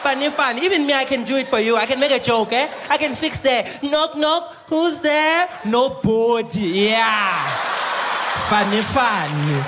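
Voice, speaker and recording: A man voicing a brusque, gloating middle-aged woman hospital receptionist, talking slow and mocking and ending lines with "eh?". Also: very high voice, a crowd in the background, background noise, voice pushed up. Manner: mocking, drawn-out, ends lines with "eh?". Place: theatre stage. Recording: live theatre with loud audience.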